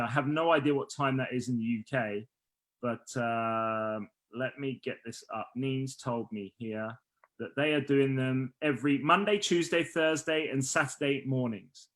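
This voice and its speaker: A man hosting a casual business team call, energetic and rallying, who says he is losing his voice. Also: mid-range voice. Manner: energetic, rallying, restarts often.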